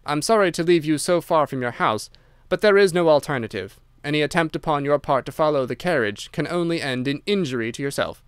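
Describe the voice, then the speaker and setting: A cold, clipped male henchman from a storybook reading, delivering a quiet warning, put on by a male narrator. His voice stays smooth and resonant in a dry, close recording. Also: a little high, animated, brisk, no echo, natural voice. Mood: coolly warning.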